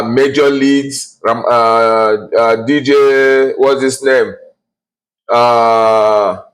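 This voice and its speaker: A man in his forties rants bluntly to camera. He sounds heated and scornful, and he often restarts and fills pauses with uh. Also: medium pitch, rough recording. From Nigeria. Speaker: vlogger. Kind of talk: ranting to camera.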